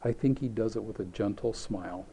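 A man's voice: on the low side, brisk, gravelly, dark tone, a little hiss or hum. A man preaching a sermon. He tells a scripture story with animation, acts out voices in it, and asks rhetorical questions.

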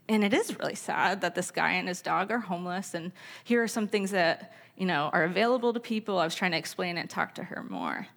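A woman's voice: medium pitch, moderate pace, vocal fry, fairly bright tone. A middle-aged woman giving a candid church talk on parenting, mixing personal stories with scripture quotes. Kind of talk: sermon-style teaching talk.

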